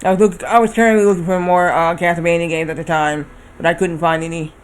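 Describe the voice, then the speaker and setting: A man's voice: fairly high pitch, level tone, quick pace, a little hiss or hum. A man in his thirties chatting casually while streaming a game, rambling and often correcting himself. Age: 30s. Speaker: livestreamer.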